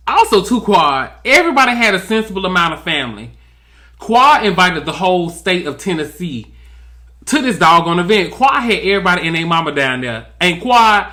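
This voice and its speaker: A man with a high-pitched, sharp voice delivers sassy, drawling comedic commentary recapping a reality TV episode, mimicking cast members in quotes.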